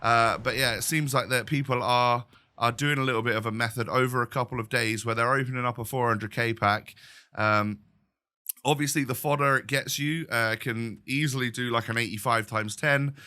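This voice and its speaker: A man's voice: medium pitch, steady tone, moderate pace, bright, forceful tone. A young man hosting his gaming channel, chatting casually with lots of fillers while blocked up with a summer cold. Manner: chatty, rambling, many fillers. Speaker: gaming YouTuber. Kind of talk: casual video intro chat.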